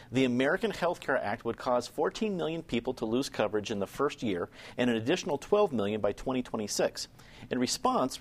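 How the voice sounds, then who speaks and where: A man moderating a political panel, reading news items before posing questions to guests. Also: mid-range voice. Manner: reads news items, then poses questions.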